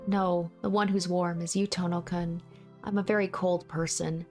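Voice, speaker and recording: A woman voicing a tearful, guilt-ridden young woman, reading a visual novel aloud in a higher, pleading voice. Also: flat delivery, normal speed, darkish tone, faint music behind, natural voice. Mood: despairing. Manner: higher, sobbing, pleading delivery.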